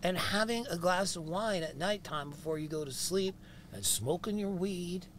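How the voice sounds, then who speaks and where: A man acting out his blunt doctor scolding a patient, in his own high voice. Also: normal speed, a bit bright, a little hiss or hum. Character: stern male doctor lecturing a patient.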